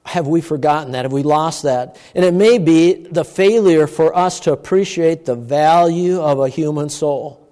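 A man preaching a sermon with emphatic delivery, moving between loud, stressed words and hushed asides. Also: on the high side, normal speed, few pauses. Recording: long church-hall reverb.

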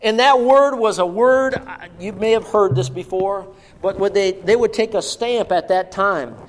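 A middle-aged man preaching a sermon, emphatic at times and dropping to a hushed voice at others. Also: high voice, a little slow, big-room sound, slight background noise. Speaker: pastor.

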